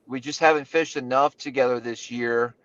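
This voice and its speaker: A man chatting casually on a fishing livestream, easygoing and prone to halting restarts. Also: mid-range voice, steady tone, fairly bright tone, no room sound. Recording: dull lo-fi dry sound.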